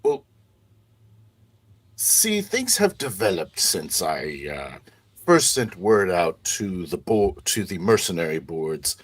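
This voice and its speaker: A man voicing a jovial, pompous, large male mayor, with a raised voice and halting delivery. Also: low voice, very animated, husky, heavily acted. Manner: jovial, hesitant, theatrical.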